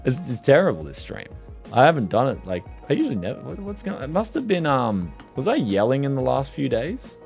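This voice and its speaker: On a tech livestream, a man rambles animatedly and reads chat questions out loud. His mid-range voice is creaky and strained from yelling, a little fast, with faint music behind him.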